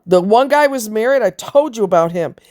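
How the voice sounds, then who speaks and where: A woman's voice: a little high, lively intonation, brisk, darkish tone. A woman ranting to her viewers in a blunt, scornful, profane way, mocking others in voiced quotes. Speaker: vlogger.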